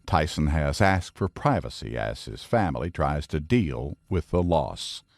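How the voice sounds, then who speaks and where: A man reading a scripted news report in a steady, formal delivery. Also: rumbling low, unhurried, no echo, studio quality.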